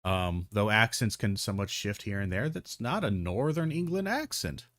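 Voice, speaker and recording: Low-voiced rambling male commentator, dry sound. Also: expressive, moderate pace, a bit bright, dry recording. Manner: rambling, frequent ums and restarts, swears. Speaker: video commentator. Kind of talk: casual commentary.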